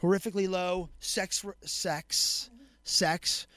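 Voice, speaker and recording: A man co-hosting a podcast in a casual chat, animated and joking, acting out little scenes and getting loud. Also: sits high, takes it slowly, no echo. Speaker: guest co-host.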